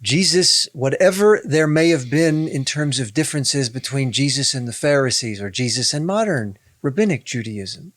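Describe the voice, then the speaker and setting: A man's voice: mid-range voice, animated, normal speed, few pauses, a bit bright, no room sound. A man, a rabbi, in a podcast discussion, speaking emphatically, repeating key phrases and reading scripture aloud.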